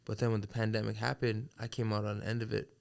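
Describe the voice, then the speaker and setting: A man as a podcast guest, talking in a relaxed, reflective way and laughing often. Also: on the low side, quick pace, gravelly, smooth. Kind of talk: casual chat.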